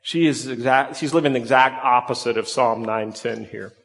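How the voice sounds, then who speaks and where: A man's voice: mid-range voice, moderate pace, creaky, a bit bright, big-room sound. A man preaching a conversational sermon, his voice rising and dropping for emphasis. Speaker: pastor.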